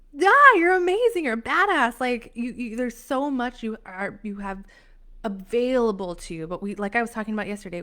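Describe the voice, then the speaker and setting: Gushing woman coaching on a live stream. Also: medium pitch. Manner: gushing and emphatic, with many restarts. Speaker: empowerment coach hosting a live session. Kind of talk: casual motivational live stream.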